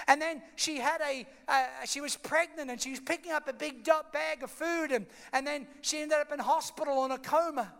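A man's voice: very high voice, gravelly, a bit bright. A man preaching a sermon, dramatically retelling a story and acting out its scenes. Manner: dramatic, emphatic, acts out scenes. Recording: long hall reverb.

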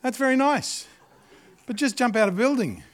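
Animated Australian male preacher. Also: very high-pitched, normal speed. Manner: animated, jokey preaching with acted-out asides. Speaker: pastor. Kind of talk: sermon.

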